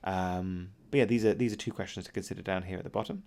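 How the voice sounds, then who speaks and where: A male teacher talks through a poem line by line in a deep, low voice. His tone has a gravelly edge. He pauses often with ums and uhs as he explains. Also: steady tone, darkish tone. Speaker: English teacher. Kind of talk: recorded poetry lesson.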